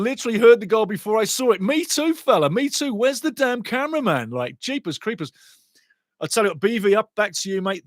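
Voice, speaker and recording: A man hosting a live football watchalong, excitable and chatty, repeating catchphrases and laughing loudly. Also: sits high, no room sound. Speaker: watchalong host. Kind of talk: excited live match commentary.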